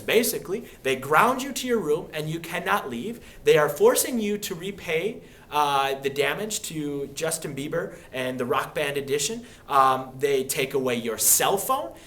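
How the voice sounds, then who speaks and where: A young man teaching history in a casual, animated way, acting out quoted people with sudden voice changes. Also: on the high side. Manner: animated, acts out quoted speakers. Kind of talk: classroom history lecture.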